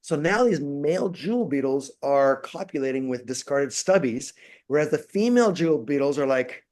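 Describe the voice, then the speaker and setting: Animated man telling stories. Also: fairly high pitch, normal speed. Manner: animated storyteller, acts out quotes. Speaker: guest, university lecturer. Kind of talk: casual interview.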